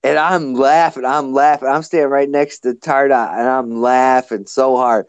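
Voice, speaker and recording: A man telling a story in a casual group chat, animated and breaking into laughter as he goes. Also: medium pitch, moderate pace, smooth, no echo, muffled recording.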